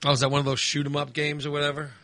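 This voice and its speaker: A man's voice: on the high side, completely flat delivery, rapid-fire, pushed and bright. A man chatting casually as host, rambling with lots of fillers and restarts. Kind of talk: casual chat.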